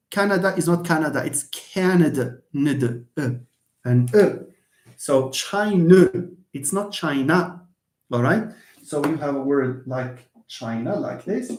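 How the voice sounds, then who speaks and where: Hesitant man teaching English. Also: on the high side. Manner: hesitant, repeats words, many fillers. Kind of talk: live online lesson. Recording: echoey room.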